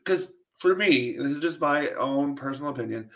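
A man co-hosting a podcast in casual chat, relaxed as he moderates and trailing off softly at times. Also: medium pitch, normal speed. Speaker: podcast co-host.

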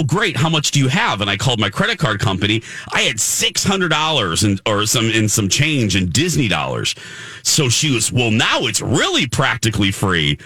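Animated male radio host telling stories. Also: mid-range voice, dry recording, clean studio sound. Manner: animated storyteller, acts out voices of people in his story. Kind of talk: casual morning radio chat. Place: radio studio. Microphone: studio microphone.

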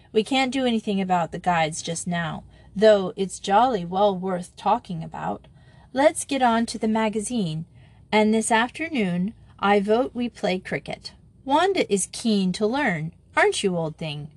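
A woman's voice: mid-range voice, lively intonation, measured pace, a little mellow, dry recording. A woman reading the lines of a spirited, outspoken schoolgirl in a storybook, blunt and teasing. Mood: eager.

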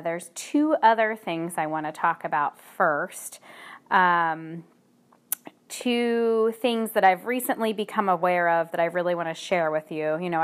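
A woman hosting a podcast in a casual, chatty way, her voice a little hoarse from a cold. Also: lowish voice. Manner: chatty, filler-heavy, unhurried. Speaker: podcast host.

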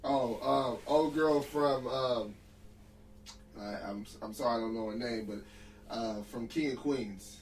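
A man's voice: medium pitch, unhurried, slight background noise, low-quality recording. A man co-hosting a podcast, laid-back and chatty, often murmuring along in agreement. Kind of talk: casual chat.

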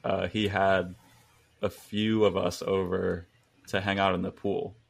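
A man's voice: deep voice, level tone, unhurried, vocal fry. A man in his twenties, a podcast guest, telling rambling stories in casual chat and chuckling as he goes.

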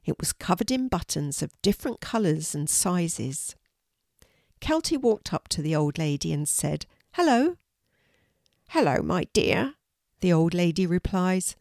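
An older woman, a grandmother, reading a children's story aloud in a warm, gentle way. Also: lowish voice, moderate pace, no echo, clean studio sound.

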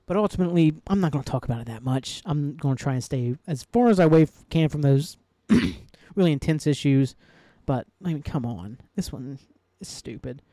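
Guy ranting on his own podcast, swears a lot, kinda high but mellow voice, dead dry sound. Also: lively intonation, moderate pace, no room sound. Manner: heated, profane, rambling with frequent "like". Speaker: podcast host. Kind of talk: casual solo podcast rant.

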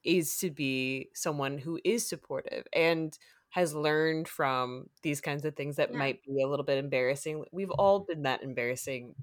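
A woman's voice: sits low, moderate pace, dry recording, clean studio sound. A woman hosting a podcast, talking reflectively in casual chat, with loose fillers. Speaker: podcast host.

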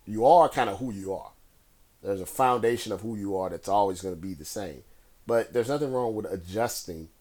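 A man with a somewhat low voice talks through current events on his own. He rambles in a relaxed, conversational way, with plenty of fillers and restarts. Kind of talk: casual solo commentary.

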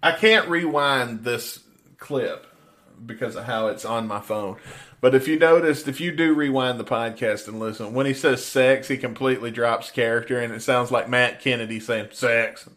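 A man's voice: medium pitch, normal speed. A man hosting a podcast, commenting casually on a played prank call, laughing often and swearing freely. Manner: animated, laughing, profane storytelling. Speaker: podcast host.

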